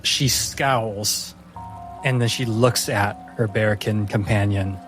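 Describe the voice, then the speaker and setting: A man narrating a tabletop game as game master, slowly and dramatically. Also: lowish voice, fairly even intonation, over music. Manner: slow, dramatic descriptive narration.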